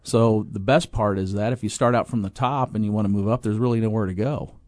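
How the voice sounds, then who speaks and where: A man's voice: on the low side, fairly even intonation, fairly quick, darkish tone, dry recording, studio quality. A middle-aged man being interviewed, telling a long, rambling story about his business, with restarts and acted-out quotes. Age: 20s in 1997, now middle-aged. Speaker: guest, apartment property owner.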